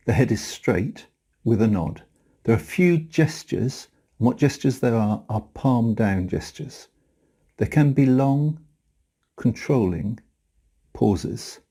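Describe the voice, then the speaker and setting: A man's voice: mid-range voice, creaky, husky. A man narrating a lesson on communication styles and demonstrating them with his own voice. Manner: demonstrates speaking styles, flat falling delivery then bouncy rising lilt. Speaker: communication trainer. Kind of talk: scripted instructional narration.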